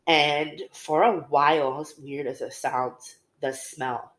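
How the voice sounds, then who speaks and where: A woman's voice: deep voice, steady tone, slow, a bit bright. Woman telling a personal story, echoey room. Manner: candid storytelling, many fillers. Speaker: podcast co-host. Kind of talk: casual conversation. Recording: roomy echo.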